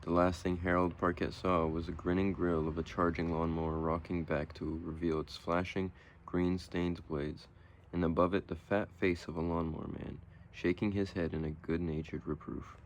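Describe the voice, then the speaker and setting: Male narrator, low voice, steady audiobook reading of a short story. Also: normal speed, slight background noise.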